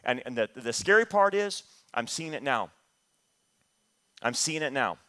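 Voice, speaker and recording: A man's voice: medium pitch, sing-song, a little slow, bright, forceful tone. A man teaching a church Bible study, emphatic and repetitive, rising into heated outbursts. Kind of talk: sermon-style teaching.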